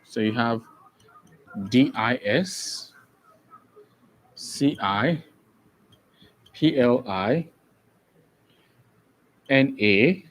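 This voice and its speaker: Slow, deliberate male teacher. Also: mid-range voice, slight background noise, low-quality recording. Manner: slow and deliberate, spells words letter by letter and often checks understanding. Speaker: English teacher. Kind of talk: exam-prep grammar lesson.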